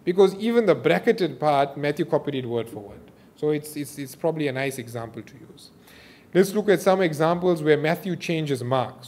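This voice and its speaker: A South African man lecturing a class, explaining texts and acting out the quotes he reads. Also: on the high side. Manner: explanatory, quotes scripture in a lively voice. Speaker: instructor.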